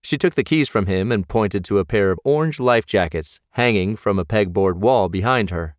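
A man narrating a novel as an audiobook, in a measured storytelling manner. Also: fairly low pitch, no echo, studio quality.

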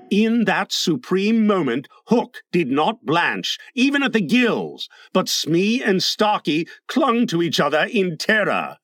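A man narrating a storybook in an expressive, dramatic reading. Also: high-pitched, a little slow, few pauses, no echo, studio quality. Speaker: audiobook narrator.

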